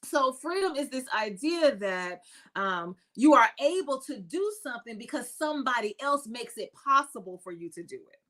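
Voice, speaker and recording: High-voiced woman preaching emphatically. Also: animated, normal speed, a bit bright. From United States. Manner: emphatic, repeats phrases in lists, laughs often. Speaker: reverend and podcast host. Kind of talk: preachy spiritual talk.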